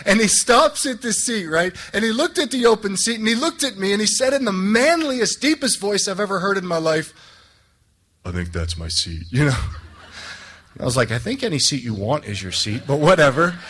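A man's voice: high-pitched, fairly quick, hardly any pauses. A young man, a Catholic priest, giving a sermon full of jokes and stories, acting out the voices of the people in them. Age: young adult. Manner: animated, joking, acts out voices in his stories. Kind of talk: storytelling sermon.

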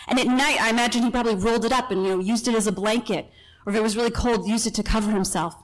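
Woman Bible teacher, conversational storyteller, slightly higher voice, who acts out the scene as she goes. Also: fairly even intonation, racing, rough recording. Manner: chatty asides and self-corrections.

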